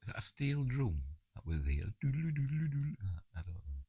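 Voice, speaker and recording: A man's voice: deep voice, very animated, fairly quick, dark tone, slightly rough, no room sound. A man with a Yorkshire accent giving a chatty, jokey audio commentary on a film and talking back to the characters on screen. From England.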